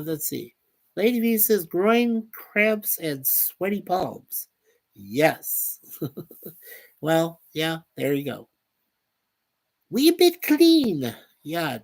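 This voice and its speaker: A man hosting a casual live stream, reading viewer comments aloud in an unhurried way and chuckling often. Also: fairly high pitch, creaky. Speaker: livestream host reading chat.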